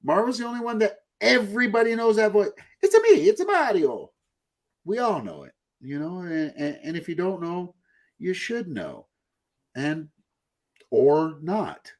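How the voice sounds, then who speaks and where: A man's voice: high voice, animated, a little slow. A man hosting a podcast, chatting casually in a rambling, profane way. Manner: rambling, profane, puts on mocking voices. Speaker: podcast host. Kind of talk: casual chat.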